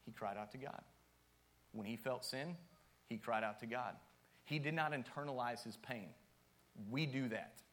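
A man's voice: medium pitch, moderate pace, long pauses, a bit bright, a little hiss or hum. A man preaching a sermon as youth pastor, casual and joking at times, with strong emphatic rises.

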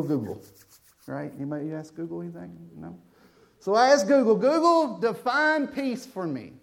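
A male preacher gives a sermon, joking with his congregation. His voice sits high for a man, and his pitch swings widely as he talks. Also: creaky, a little mellow.

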